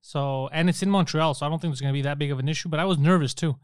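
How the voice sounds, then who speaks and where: A young man telling stories in a casual podcast chat. He talks fast and acts out the voices in his stories, and he swears freely. His voice is smooth and slightly high, and the recording is dry and close. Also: no room sound.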